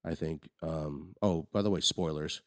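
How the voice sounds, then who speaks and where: Podcast co-host, male, very low voice, dry mic, rambling casual delivery. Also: fairly even intonation, measured pace, dry recording. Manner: rambling, frequent restarts and fillers. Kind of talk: casual movie review chat.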